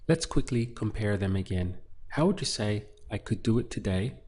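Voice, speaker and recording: A man teaching a language lesson, speaking clearly and patiently, repeating words slowly for practice. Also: on the low side, lively intonation, darkish tone. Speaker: Spanish teacher.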